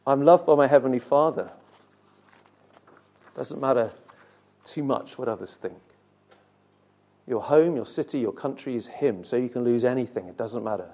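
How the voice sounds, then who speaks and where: Earnest preacher with a mellow voice. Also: male voice, medium pitch, lively intonation, normal speed, long pauses. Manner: earnest, direct address to congregation with rhetorical questions; occasional stumbles and repeated words. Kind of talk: sermon.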